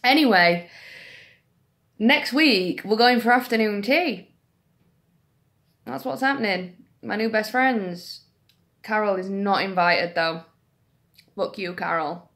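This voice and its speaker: A woman's voice: mid-range voice, slow, long pauses, fairly bright tone. Young woman vlogging, chatty, self-deprecating, recorded close on a camera. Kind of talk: casual storytelling to camera.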